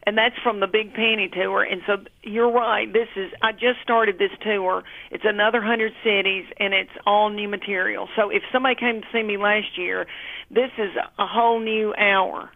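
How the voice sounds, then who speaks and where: A woman's voice: mid-range voice, steady tone, normal speed, vocal fry. Woman, comedian, chatty, affectionate pet names, tinny phone-line sound. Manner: chatty, calls people honey and darling. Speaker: comedian guest. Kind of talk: casual phone interview. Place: at home, lounging.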